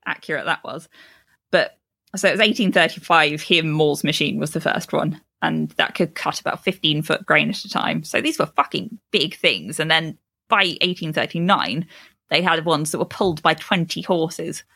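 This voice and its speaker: A woman co-hosting a podcast in a low, gravelly voice with a bright, sharp edge. She chats casually, laughs often and swears freely. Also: moderate pace. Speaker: podcast co-host. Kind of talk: casual chat.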